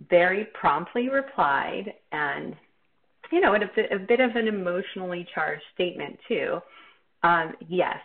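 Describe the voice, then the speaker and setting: A woman's voice: lowish voice, gravelly. A woman teacher telling a personal story in a candid, reflective, self-deprecating way. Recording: tinny phone-like line.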